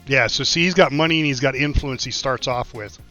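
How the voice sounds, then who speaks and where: Bright-voiced man narrating gameplay. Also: mid-range voice, a little fast. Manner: chatty, thinking aloud with many fillers. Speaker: gameplay streamer. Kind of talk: casual gameplay commentary. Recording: slightly dull lo-fi mic with faint music.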